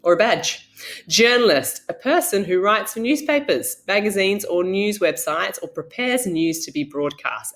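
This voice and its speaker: A playful woman presents a lesson to primary school children. Her voice sits a little low, and she explains things in a chatty, teacherly way.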